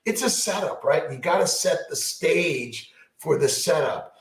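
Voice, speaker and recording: A man's voice: a little high, lively intonation, unhurried, vocal fry, reverberant, slight background noise, poor audio. A man answering viewer questions as a fertility doctor in a rambling, upbeat live chat, repeating himself and restarting often. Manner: upbeat, repetitive, motivational, many fillers and restarts.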